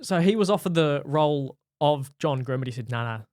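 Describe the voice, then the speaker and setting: A man co-hosting a movie podcast in casual, wry chat full of quick jokes and asides. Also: a little high, animated, darkish tone, no room sound, studio quality. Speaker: podcast co-host.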